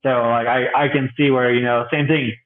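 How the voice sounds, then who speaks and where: A man's voice: medium pitch, fairly quick. Young guy youth pastor telling stories on a podcast, does little voices, laughs a lot, sounds like a phone line. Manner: animated storyteller, acts out quoted voices, laughs often. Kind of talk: casual podcast conversation.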